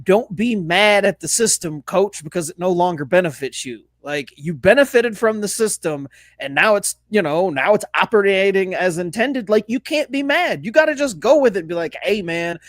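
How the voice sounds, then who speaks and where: Podcast co-host, high male voice, dry close sound, fired-up and profane. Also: lively intonation, normal speed, hardly any pauses, no echo. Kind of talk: casual sports podcast rant.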